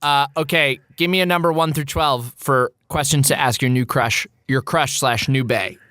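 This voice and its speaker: A man's voice: medium pitch, fairly even intonation, normal speed, a bit bright, no echo, studio quality. A man co-hosting a comedy podcast, reading out questions in a playful, teasing way and laughing often. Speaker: podcast co-host asking questions. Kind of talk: casual chat.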